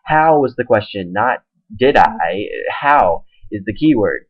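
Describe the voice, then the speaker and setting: A man's voice: mid-range voice, lively intonation, normal speed, slightly rough. Young man ranting into a webcam. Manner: exasperated, retells a quarrel in quoted back-and-forth. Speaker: webcam vlogger. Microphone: webcam microphone. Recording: dull lo-fi webcam audio.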